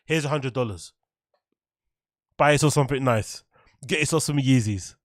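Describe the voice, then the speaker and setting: A man's voice: medium pitch, moderate pace, no room sound, clean studio sound, natural voice. A man mockingly impersonating a smug, sleazy male stand-up comedian, in a sarcastic tone.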